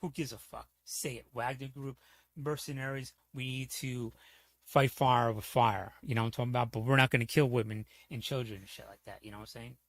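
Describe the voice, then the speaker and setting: Man, gravelly voice, dry close mic, heated profane livestream rant, rambling. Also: medium pitch, fairly even intonation, fast, a bit bright, no echo. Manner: heated, profane, rambling, repeats "you know what I'm saying". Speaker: streamer.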